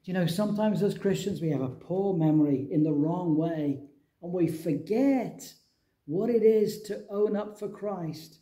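A middle-aged man from England preaching a sermon, telling a Bible story with lively acted-out dialogue. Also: high voice, a little slow.

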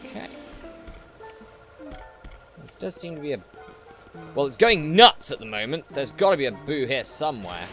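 A man doing let's play commentary, excitable and jokey, talking back at the game. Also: mid-range voice, unhurried, long pauses, music in the background.

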